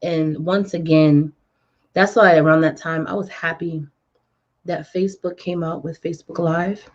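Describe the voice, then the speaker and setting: A woman radio host telling her story in a casual interview, animated and acting out what people said. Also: low voice, unhurried. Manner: animated, acts out quoted dialogue. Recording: dull lo-fi audio.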